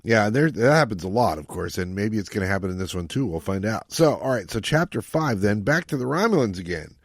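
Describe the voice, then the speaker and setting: A man's voice: fairly low pitch, very animated, brisk, no room sound, studio quality. A man co-hosting a podcast, talking through a novel in a loose, rambling way with many fillers. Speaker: podcast co-host. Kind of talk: casual book discussion.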